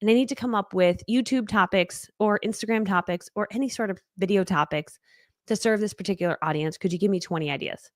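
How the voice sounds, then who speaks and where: A woman's voice: mid-range voice, quick pace, dry recording, clean studio sound. A woman in her thirties from New England, leading a live online training as a business coach, talking in a bubbly, chatty way with playful acted quotes. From New England, United States.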